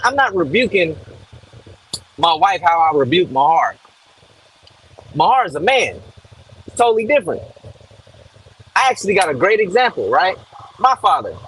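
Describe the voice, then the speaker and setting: Man, Bible teacher, Southern US accent, blunt streetwise preaching, high husky voice. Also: a bit bright, rough recording. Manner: blunt, streetwise, repetitive phrasing. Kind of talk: informal preaching talk.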